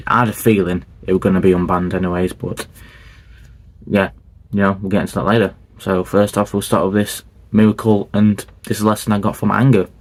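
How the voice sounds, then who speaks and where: A young man, hosting a podcast and telling a personal story in a rambling, earnest way with many fillers and restarts. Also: sits low. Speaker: podcast host.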